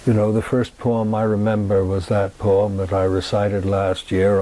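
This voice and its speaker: A man in his eighties with a Northern Irish accent, giving a gentle, reflective talk and reciting poetry with a lilting emphasis. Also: deep voice, fairly even intonation, a little slow. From Northern Ireland. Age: 80s. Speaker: guest speaker.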